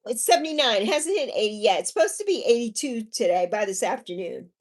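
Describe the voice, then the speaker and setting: A woman's voice: a little high, expressive, fast. A woman hosting a casual livestream, chatting with viewers in a bubbly, sing-song way and drawing out her words. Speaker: livestream host.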